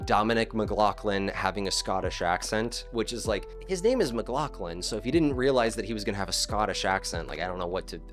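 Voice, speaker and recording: A man's voice: lowish voice, animated, a little fast, few pauses, faint music behind. A man ranting in casual commentary, swearing often and restarting words as he gets heated. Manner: profane, heated, stammering restarts.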